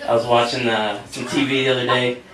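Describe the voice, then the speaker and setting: A man's voice: mid-range voice, little pitch movement, brisk, background noise. Rambling young man doing stand-up, roomy. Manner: rambling, self-mocking, many fillers. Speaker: stand-up comedian. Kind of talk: stand-up set. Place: small cafe stage. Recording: echoey room, mic from far off, audience laughter. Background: audience laughing.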